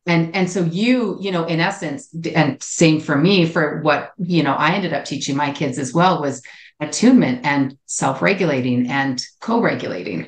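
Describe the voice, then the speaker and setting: A woman co-hosting a psychology podcast, speaking in a reflective, measured and affirming way. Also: low voice. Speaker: podcast co-host, relationship psychologist. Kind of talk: casual chat. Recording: roomy echo.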